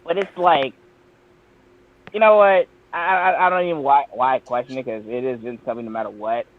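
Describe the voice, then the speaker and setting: Animated man on a tinny line. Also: mid-range voice, a little fast, no room sound. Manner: animated, profane, stumbling restarts. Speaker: podcast panelist. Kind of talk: casual chat.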